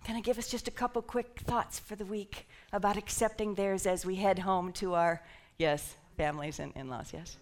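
A woman minister giving an animated sermon, dropping to whispers and rising to shouts as she leads the congregation in call and response. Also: mid-range voice, moderate pace, hardly any pauses, slight background noise.

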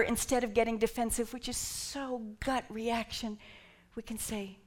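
A woman minister giving an animated sermon, dropping to whispers and rising to shouts as she leads the congregation in call and response. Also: fairly high pitch, moderate pace, hardly any pauses.

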